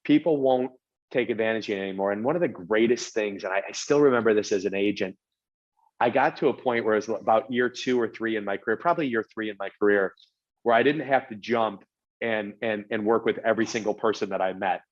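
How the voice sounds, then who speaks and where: A man's voice: on the low side, fast, highs cut off. A man being interviewed as a podcast guest, talking in an earnest, casual way and often repeating words as he starts a sentence. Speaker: podcast guest, real estate executive.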